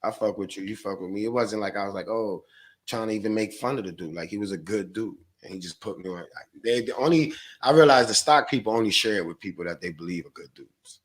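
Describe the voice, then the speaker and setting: A man's voice: lowish voice, fast talker. A man guest on a podcast, a stock trader, talking in a slangy, profane, rambling way. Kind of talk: casual podcast chat.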